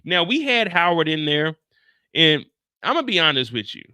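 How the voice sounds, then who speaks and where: A man hosting a live after-show stream, ranting loudly and profanely straight to his chat. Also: on the high side, very animated, normal speed, clean tone, dry recording, studio quality.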